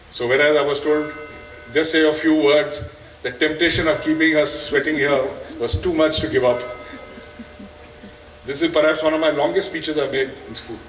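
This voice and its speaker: A man's voice: a little high, fairly bright tone, a little hiss or hum. Earnest Indian man addressing students. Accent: Indian English. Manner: earnest, exhorting, with dry humour. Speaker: school head addressing students. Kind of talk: valedictory speech. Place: large school event hall. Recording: echoey hall, voice from a distance.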